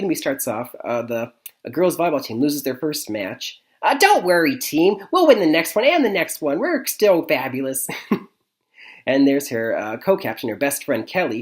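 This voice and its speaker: A man from Michigan reviewing movies in a casual vlog, rambling, with lots of fillers and chuckles. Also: medium pitch. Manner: rambling, many fillers and restarts, frequent chuckles.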